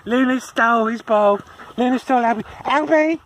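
A woman's voice: high voice, moderate pace, creaky, no room sound. A woman walking dogs outdoors, cooing and chuckling at them in a sing-song baby talk for her video diary. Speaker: dog walker. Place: outdoors on a dog walk.

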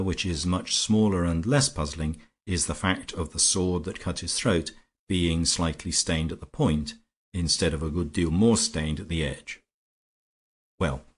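A man voicing a calm, grave English gentleman detective in a storybook reading, speaking in a measured, explanatory way. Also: deep voice, breathy edge.

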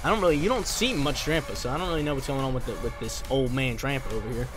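A man giving casual, excitable commentary over his own video game battle, trash-talking and joking as he plays. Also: medium pitch, quick pace. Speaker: gaming YouTuber. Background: background game music.

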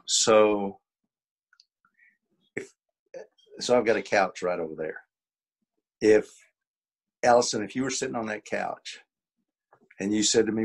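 A man's voice: lowish voice, unhurried, pauses often. An older man leading a coaching webinar, explaining in a folksy way with acted-out examples over a video call. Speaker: coach and workshop leader. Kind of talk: teaching a webinar.

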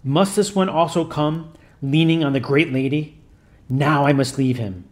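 A man's voice: a little high, unhurried, close to an everyday voice. A man putting on a growling, defiant demon. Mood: defiant groaning. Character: raging demon possessing a boy.

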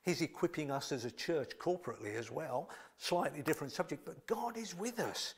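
Passionate preacher swinging hushed to loud. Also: male voice, on the high side, a little fast, husky. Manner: swings from hushed near-whispers to loud excited exclamations. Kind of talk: sermon. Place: church.

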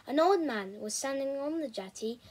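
A woman reading a novel aloud chapter by chapter, in a steady, measured storybook way. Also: high voice, poor audio. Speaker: reader.

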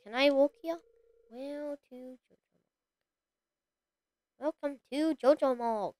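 A woman streaming a video game, chatting casually and talking to the characters on screen with sudden excited exclamations. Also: high-pitched, slow pace, long pauses, dry recording. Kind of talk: casual gameplay commentary.

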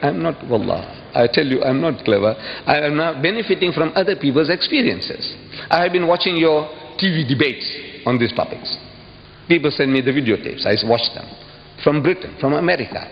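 Male public lecturer, fairly high voice, long hall reverb, faint hiss behind. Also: a little fast, creaky. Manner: animated and emphatic, with repeated rhetorical questions. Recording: dull lo-fi archive recording in a reverberant hall.

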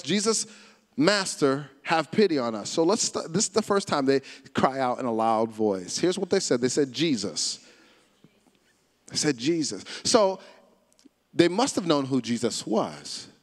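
Animated man preaching in a reverberant hall. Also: fairly high pitch. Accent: American. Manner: animated, repeats phrases and calls on the congregation to repeat. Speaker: pastor. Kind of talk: sermon. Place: church service, large hall.

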